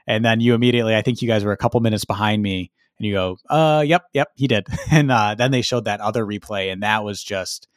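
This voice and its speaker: A man co-hosting a podcast, relaxed in casual chat and leaning on strong adjectives for emphasis. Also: fairly low pitch, fast talker, hardly any pauses, clear, resonant tone, no room sound, clean studio sound. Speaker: podcast co-host.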